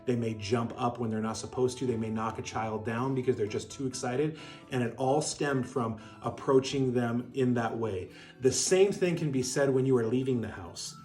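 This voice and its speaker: A middle-aged man, a dog breeder, calmly explaining how to interact with a puppy in an even-keeled instructional talk. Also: medium pitch, moderate pace. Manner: calm, even-keeled, demonstrates voice tones. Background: soft guitar music.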